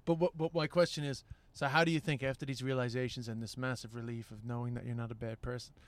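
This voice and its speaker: Male host, casual chat, thoughtful questioner, average pitch. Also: level tone, fast, no room sound. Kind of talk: casual conversation.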